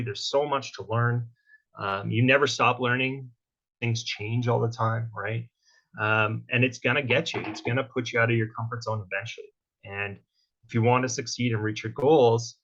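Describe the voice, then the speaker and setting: A man's voice: mid-range voice, sharp tone. A man giving a casual motivational talk as a workshop guest speaker, checking in with tag questions like "right?" and "okay?". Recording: dull lo-fi sound.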